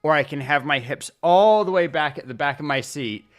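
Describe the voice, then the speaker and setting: A male streamer chatting casually, rambling along with pauses and restarts as he talks into his desk mic. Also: fairly high pitch. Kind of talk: casual livestream chat. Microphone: desk mic at streaming setup.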